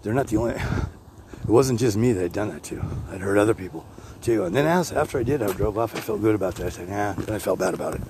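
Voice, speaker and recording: A low-voiced man rambles through a podcast as he walks outside. He talks bluntly, swears freely and keeps breaking off and restarting. Traffic and street noise run clearly under his voice. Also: expressive, fast. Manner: rambling, with frequent restarts and digressions. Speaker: podcast host. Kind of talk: rambling walk-and-talk monologue. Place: outdoors, walking neighborhood streets. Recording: outdoor street noise with passing vehicles. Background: passing traffic and street ambience.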